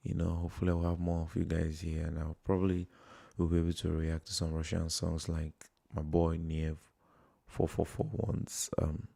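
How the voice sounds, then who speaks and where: A man's voice: sits low, completely flat delivery, moderate pace, creaky, dark tone. A man from Nigeria with a Nigerian accent, chatting casually and rambling as he reacts to videos on a livestream from his phone. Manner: rambling, chatty, many fillers and chuckles.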